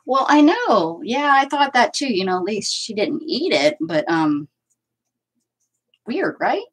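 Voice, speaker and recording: Casting note: a chatty woman with a husky voice and lively, bouncy pitch, crafting on a home livestream and talking to viewers. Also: measured pace, low-quality recording. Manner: chatty, rambling, answers viewer comments aloud. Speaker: crafting channel host. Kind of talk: casual livestream chat while crafting. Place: at home with her cats.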